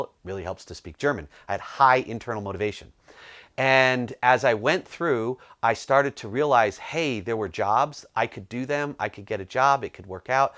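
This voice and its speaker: A middle-aged man from the United States, a business coach telling a personal story to camera and acting out the dialogue in lively bursts. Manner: animated, acts out dialogue with rising pitch.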